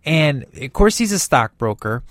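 A man giving a casual, rambling movie review, excited and acting out bits of scenes in quick voices. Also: fairly high pitch, dry recording.

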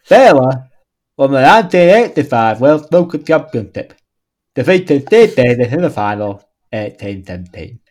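A man reading aloud in a low, murmured put-on voice, slow and quiet.

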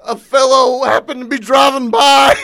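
Brief: very high-pitched male co-host, crude swearing storyteller. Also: fairly even intonation, normal speed, vocal fry, a crowd in the background. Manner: crude, laughing, swears often. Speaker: podcast co-host. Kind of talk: casual chat, storytelling. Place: lives in the American South.

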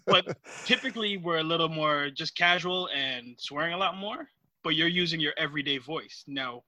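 A man co-hosting a casual podcast chat, animated and teasing, laughing often. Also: on the high side, moderate pace, no room sound. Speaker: podcast co-host.

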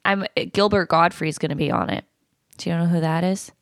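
A woman's voice: fairly low pitch, fairly quick, no room sound, studio quality. A woman co-hosting a podcast in casual chat, playful and full of questions. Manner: playful, laughs often, asks lots of questions. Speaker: podcast co-host.

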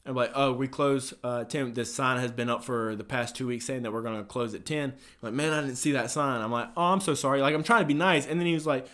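A man's voice: medium pitch, fairly even intonation, fast, few pauses, fairly bright tone. A young man who works a gym front desk, telling work stories in a casual, profane chat and acting out callers.

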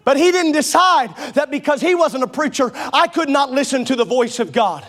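A pastor in his forties preaching a sermon to a congregation in church, passionate and building to shouts. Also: very high voice, expressive, moderate pace. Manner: impassioned, builds to shouting, stretches key phrases. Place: church sanctuary before a congregation.

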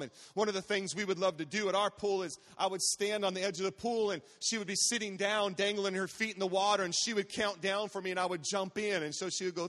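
High-voiced, joking guest pastor. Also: male voice, fairly even intonation, quick pace, hardly any pauses, a bit bright. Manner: humorous, chatty, with call-outs to the congregation. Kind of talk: sermon storytelling. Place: large church sanctuary. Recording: long church hall reverb.

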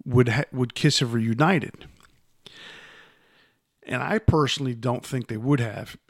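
A man's voice: mid-range voice, fairly bright tone, dry recording, clean studio sound. A man co-hosting a podcast in casual chat, rambling with many restarts and getting emphatic as he makes his points. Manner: rambling, with frequent restarts and repeated words; emphatic, voice rising when making a point. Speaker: podcast co-host.

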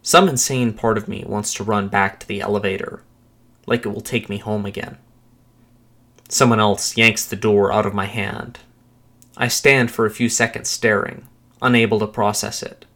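A man narrating a first-person thriller story with a steady, measured dramatic reading. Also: fairly low pitch.

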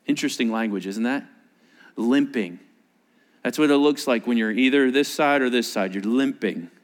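A male pastor preaching a sermon to a large live congregation, telling a story with animated energy and acting out its scenes. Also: mid-range voice, moderate pace, in a large hall.

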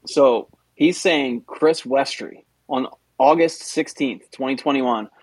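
A man with a husky voice trades remarks in a relaxed podcast conversation. His sound is dry and close, with no room around it. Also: medium pitch, slow, no echo. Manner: chiming in with pointed follow-up remarks. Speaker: podcast co-host. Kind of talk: casual chat.

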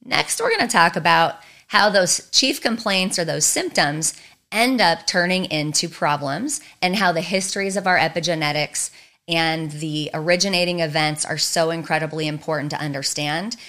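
Woman therapist, lowish voice, earnest teaching talk, repeated short phrases. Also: moderate pace, sharp tone. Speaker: trauma therapist.

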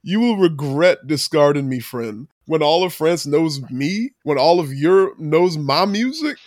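A woman voicing a defiant, proud male violinist, delivering his lines slowly and pointedly. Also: low-pitched, lively intonation, darkish tone, no echo, clean studio sound.

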